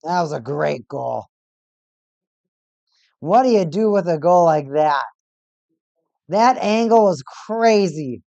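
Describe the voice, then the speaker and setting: A streamer casually commenting on a live hockey game for a watch party, getting excitable over goals and repeating stats aloud. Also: mid-range voice, slow pace, vocal fry, long pauses, dry recording, lo-fi sound. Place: home streaming setup.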